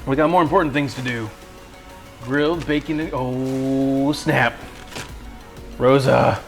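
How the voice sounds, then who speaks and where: A man's voice: mid-range voice, fairly even intonation, slow, creaky, faint music behind. A young man hosting a cooking livestream from his home kitchen, joking with viewers in a goofy, self-mocking way. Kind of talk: casual cooking livestream chat.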